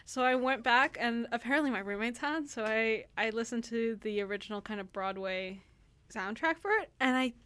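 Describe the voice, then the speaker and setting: A woman's voice: fairly high pitch, moderate pace, a bit bright, smooth. A young woman reviewing a play in casual radio chat, talking loosely with many fillers and restarts. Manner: chatty, lots of fillers and restarts, laughs easily. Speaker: theatre reviewer.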